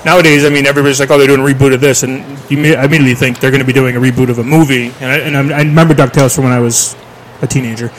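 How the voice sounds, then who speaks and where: A man rattles off his lines at a very quick clip, swearing freely and teasing the other hosts. His voice sits in a middle pitch. The talk is loose podcast banter. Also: fairly even intonation, a little hiss or hum, rough recording. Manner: rapid, profane, jokey banter. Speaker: podcast co-host. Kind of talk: casual podcast chat.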